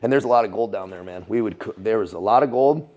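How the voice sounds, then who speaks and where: An American man in a casual interview, telling military stories in an animated, profane way, laughing often and calling the listener dude. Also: on the low side, quick pace. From United States. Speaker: guest, former Navy SEAL and Foreign Legionnaire.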